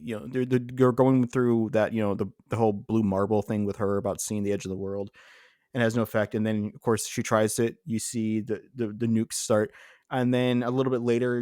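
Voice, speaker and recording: Male podcast co-host, relaxed, idea-spinning, mid pitch, dry close sound. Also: no room sound. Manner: easygoing, short reactions, thinks out loud. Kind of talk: casual movie review chat.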